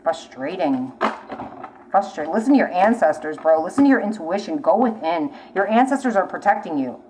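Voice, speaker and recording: A woman's voice: lowish voice, very animated, fairly quick, a little mellow, a little hiss or hum, poor audio. A woman giving a tarot reading to a viewer, talking bluntly and urgently, swearing often and repeating her warnings. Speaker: tarot reader. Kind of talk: casual spoken tarot reading.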